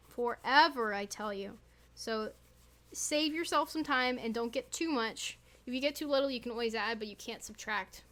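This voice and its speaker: A woman's voice: fairly high pitch, a bit bright. A young woman chatting casually while showing a tutorial, playful and rambling with little asides. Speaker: YouTuber.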